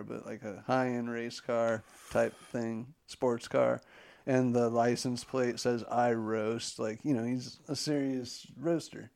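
Gravelly man rambling casually. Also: mid-range voice, a little mellow. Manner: rambling, heavy filler words and profanity. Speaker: podcast co-host. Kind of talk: casual chat.

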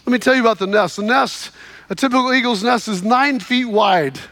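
High-voiced, bright man preaching. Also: a little fast, dry recording. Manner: dramatic storytelling, exhorting. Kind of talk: sermon.

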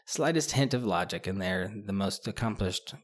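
A man chatting casually about a book, rambling with many restarts and fillers, and growing animated as he goes. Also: low voice, normal speed. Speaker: podcast co-host discussing a book. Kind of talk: casual chat.

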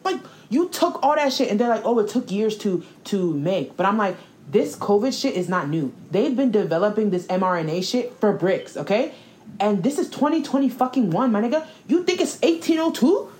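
A woman's voice: medium pitch, lively intonation, normal speed, darkish tone. A young woman talking in a blunt, profane, sarcastic casual chat as co-host.

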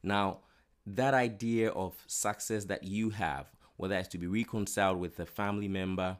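A man's voice: fairly low pitch, steady tone, normal speed. A man preaching an earnest sermon, often repeating words as he builds his point.

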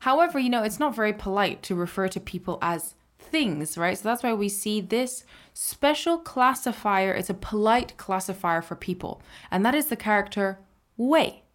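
A woman's voice: medium pitch, expressive, moderate pace. A woman teaching a language on a podcast, patiently explaining and often checking in with "right?". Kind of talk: podcast lesson.

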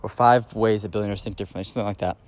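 A man's voice: on the low side, fairly even intonation, rapid-fire. A man hosting a solo podcast, talking casually and enthusiastically, with many fillers and restarts. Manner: enthusiastic, emphatic on key points. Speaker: podcast host.

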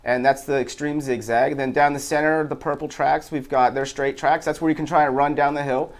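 A man's voice: on the high side, fairly even intonation, a little fast. A man from Baltimore speaking as a guest, explaining things in a plain, matter-of-fact way. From Baltimore, USA. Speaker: guest, park owner. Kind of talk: casual interview.

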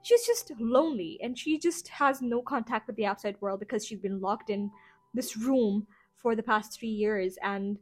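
Chatty woman with a fairly high voice. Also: normal speed. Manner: chatty, full of "you know" fillers. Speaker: podcast host. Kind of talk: casual rambling review.

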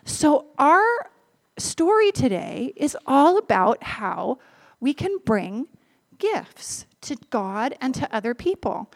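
High-voiced woman telling a church story. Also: big pitch swings, slow. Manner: earnest, conversational storytelling that addresses the congregation directly. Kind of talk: storytelling sermon to a congregation of adults and children.

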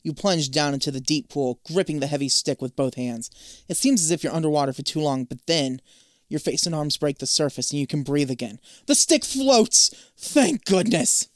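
A man's voice: on the high side, fairly quick, no room sound, studio quality. Man reading an adventure gamebook aloud. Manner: casual, swears offhand. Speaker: gamebook reader. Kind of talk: casual reading of a choose-your-own-adventure book.

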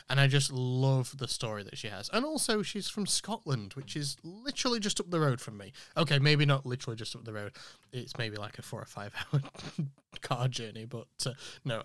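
A man from England chats enthusiastically about films on his podcast. His voice is smooth and resonant. The recording is dry and close, with no room sound. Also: mid-range voice, fairly bright tone, no echo. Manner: chatty, enthusiastic, self-correcting asides. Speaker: podcast host. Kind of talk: casual podcast commentary.

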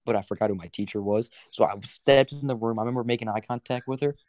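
A young man tells an animated story to his friends and swears freely. His voice is mid-pitched. The recording is close and dry. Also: fast, no room sound. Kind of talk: casual chat.

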